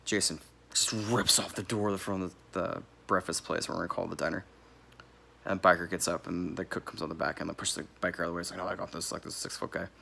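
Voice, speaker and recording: A man with a low, creaky, husky voice and a sharp tone gives a casual, rambling movie review. He corrects himself as he goes and laughs now and then.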